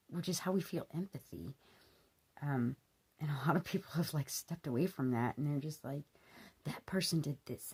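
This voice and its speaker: Husky woman rambling earnestly to camera. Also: low voice, dark tone. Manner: earnest, rambling with many fillers. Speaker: vlogger. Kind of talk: casual monologue to camera.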